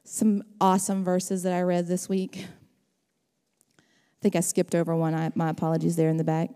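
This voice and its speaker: A woman's voice: lowish voice, monotone, normal speed, dark tone, clear, resonant tone, big-room sound. A middle-aged woman preaching a sermon, calling out to her congregation with rising passion. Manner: impassioned, calls out to the congregation. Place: church sanctuary.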